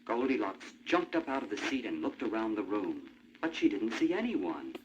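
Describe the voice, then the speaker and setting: A man narrating a storybook in an animated, expressive way. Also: on the low side, moderate pace, a little hiss or hum. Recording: muffled old vinyl with music.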